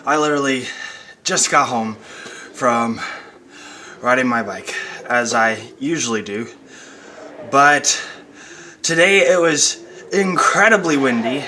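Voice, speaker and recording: A man's voice: medium pitch, bright, forceful tone, slight background noise. A young man speaking as a pastor in a chatty, casual devotional talk, with fillers and light laughs, recorded at home. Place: at home, wind outside.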